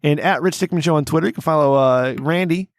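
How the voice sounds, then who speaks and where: A man's voice: a little high, fast talker. A man in his thirties hosting a rowdy drinking podcast, rambling and swearing freely between plugs. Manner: profane, rambling, loud and combative. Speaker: podcast host.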